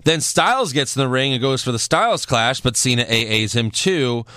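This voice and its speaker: A man's voice: mid-range voice, animated, moderate pace, pushed and bright, dry recording, clean studio sound. A man co-hosting a wrestling podcast, recapping shows in casual, sarcastic chat and often laughing.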